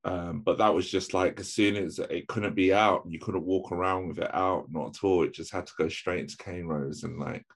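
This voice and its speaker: A man telling a family story in casual chat, relaxed and full of fillers. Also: deep voice, normal speed, hardly any pauses.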